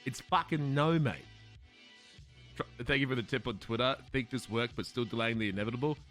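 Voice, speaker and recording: A man's voice: medium pitch, fast, fairly bright tone, faint music behind. A young Australian man chatting casually with his stream viewers, swearing and laughing at himself as he goes.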